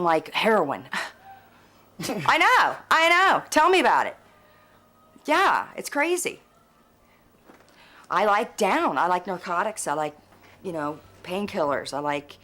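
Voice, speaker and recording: A woman's voice: mid-range voice, pushed and bright. A woman in a music documentary talking casually and frankly, in a laid-back way full of drifting asides. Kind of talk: casual candid chat.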